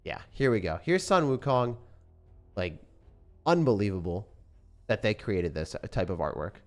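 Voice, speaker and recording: A young man streaming a game, chatting casually in a relaxed, rambling way with lots of fillers. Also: lowish voice, normal speed, soft background music. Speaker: gaming streamer. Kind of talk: casual sponsored stream chat.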